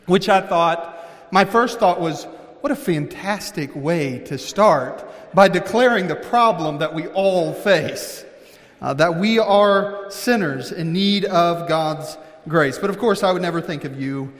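High-voiced man preaching in a reverberant hall. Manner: conversational preaching, building to emphatic points. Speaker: pastor. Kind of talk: sermon. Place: church sanctuary. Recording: long reverb from a large hall.

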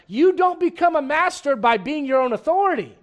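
A man preaching a sermon as pastor, lively and humorous, full of rhetorical questions to the congregation. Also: extremely high pitch, a little fast.

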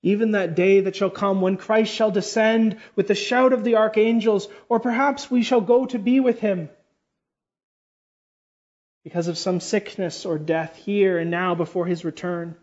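A man preaching a sermon with fervor, swinging between loud, high exclamations and quiet, low passages and slowly drawing out key words. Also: steady tone. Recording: dull lo-fi sermon recording.

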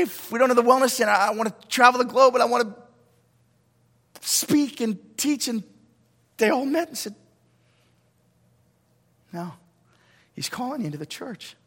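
Middle-aged pastor mid-sermon, lively pitch, acts out dialogue, reverberant church room. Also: male voice, husky. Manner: swings from hushed to shouting, acts out dialogue.

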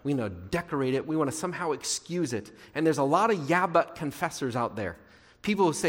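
A man preaching a sermon as pastor, animated, acting out quoted prayers and moving between loud and hushed delivery. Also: mid-range voice, a little fast. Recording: long hall reverb.

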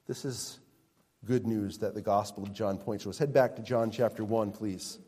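A pastor preaching a sermon, slow and emphatic, with his voice rising and falling for emphasis. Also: on the low side, fairly even intonation, mellow, breathy edge, in a large hall.

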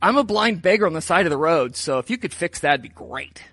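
A blind beggar crying out from the roadside, as a preacher acts him out, in a high, bright, dry voice. He shouts and pleads to be heard. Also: expressive, fast, slightly rough, dry recording, full character voice. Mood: incredulous.

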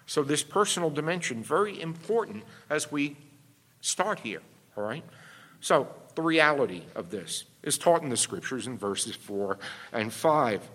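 A pastor with a bright, forceful, somewhat high voice teaches through a sermon in a church sanctuary. He explains patiently and keeps asking his listeners "all right?" as he goes. A long hall reverb trails his words. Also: very animated, measured pace.

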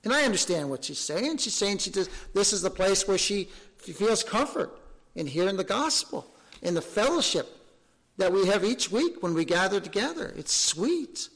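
A man's voice: sits high, very animated, normal speed, fairly bright tone. A man preaching a sermon as pastor, fervent, asking rhetorical questions and repeating words for emphasis.

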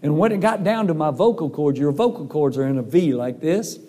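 A middle-aged man preaching a sermon with a hoarse voice, telling a personal story in a folksy way and acting out the voices of people in it. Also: a little high, expressive, a little fast, mellow. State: hoarse from a vocal cord nodule. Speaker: preacher and singer.

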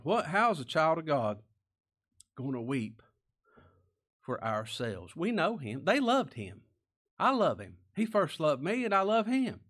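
In his role as pastor, a man preaches with plain, folksy speech, tossing out rhetorical questions and occasionally sinking to a hush. His voice is on the high side with big swings in pitch, and he takes his time.

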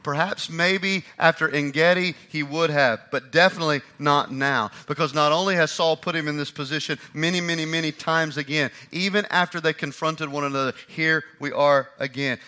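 Man preaching a sermon, high voice, very bright, lively and conversational. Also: moderate pace, few pauses, smooth. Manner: lively, conversational, acts out the scripture.

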